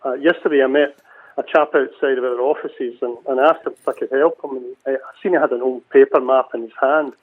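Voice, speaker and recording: This Scottish cemetery chief, calling in to a casual radio interview, speaks briskly at medium pitch with fairly even intonation. He restarts frequently, and the sound comes through a phone line.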